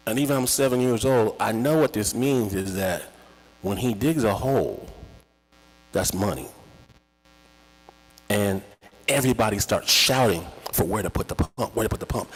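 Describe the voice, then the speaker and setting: Animated male storyteller in an echoey hall. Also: fairly low pitch, moderate pace, long pauses, husky. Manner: animated, theatrical, conversational. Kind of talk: live storytelling performance. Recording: echoey hall with long reverb.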